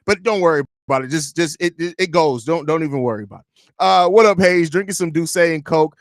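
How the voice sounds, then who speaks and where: Joking sports podcast host, dry sound. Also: male voice, on the high side, fairly quick, no room sound. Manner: rambling, joking, profane, reads chat aloud. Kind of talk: casual live-stream chat.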